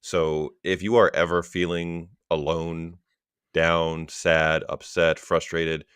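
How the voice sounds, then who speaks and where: Man, podcast co-host, very deep, encouraging, dry close-mic sound. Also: slow pace, clear, resonant tone, dry recording. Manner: sincere and encouraging, steady delivery. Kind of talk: casual podcast talk.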